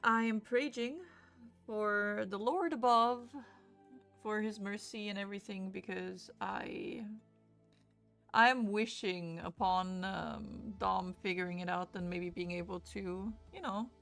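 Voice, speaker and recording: A woman's voice: mid-range voice, steady tone, slow pace, creaky, a bit bright, faint music behind. A young woman hosting a casual book livestream, chatty and swearing freely as she greets her viewers. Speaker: book streamer.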